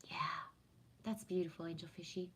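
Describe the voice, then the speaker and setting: A woman's voice: on the low side, fairly even intonation, normal speed, slight background noise. A woman chats casually on a livestream, reading viewer comments aloud and answering each one. Her tone is affirming and reflective, and she often checks in with a "right?" while she talks about spiritual ideas. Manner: warm, affirming, spiritual musing with frequent "right?". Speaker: livestream host answering chat.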